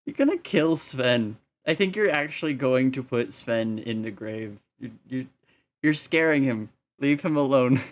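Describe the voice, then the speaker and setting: A man talking casually on a live stream, rambling through his thoughts and laughing often. His voice sits at an ordinary middle pitch. He speaks into a desk mic at home. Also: animated, a little slow. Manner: rambling, laughs often, many filler likes. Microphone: standalone desk mic.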